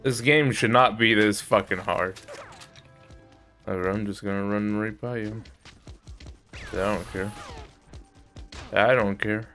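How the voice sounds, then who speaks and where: Swearing streamer yelling at a hard game. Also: male voice, fairly low pitch, fairly even intonation, unhurried, pauses often, faint music behind. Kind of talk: casual gameplay commentary.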